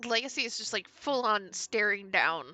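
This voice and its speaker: Woman player, bright voice, chatty, lots of likes and ums. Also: mid-range voice, expressive, normal speed, faint music behind. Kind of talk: tabletop role-play.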